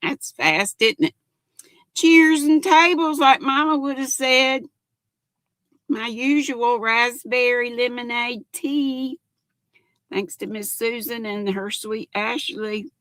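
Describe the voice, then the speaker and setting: A woman's voice: a little high, takes it slowly, a bit bright, no echo. An older woman hosting a casual livestream from home, chatting with viewers and greeting each one by name. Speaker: livestream host.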